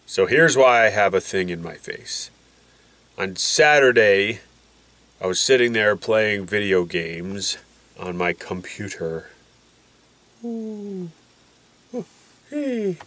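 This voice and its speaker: Low-pitched and slow, with a slightly bright tone, a man records a casual vlog to camera while congested from nasal packing. He's medicated and somewhat woozy, rambling on and grumbling with self-deprecating humor.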